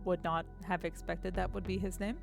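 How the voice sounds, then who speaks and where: A woman's voice: on the low side, flat delivery, normal speed, vocal fry. A woman streamer reads a story game's narration aloud during a live playthrough. She breaks off to joke and curse at the scenes, then picks the reading back up. Faint music runs in the background. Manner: joking, reacts and swears between narration lines.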